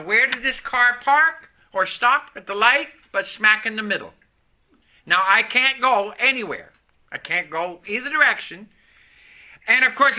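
A man preaching a sermon, opening with a soft prayer and telling a personal story with rising emphasis. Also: high-pitched. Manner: prays softly, then tells a story with rising emphasis.

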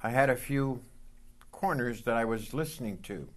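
A man preaching a sermon as pastor, leading call-and-response lines and reading scripture slowly and deliberately. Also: medium pitch.

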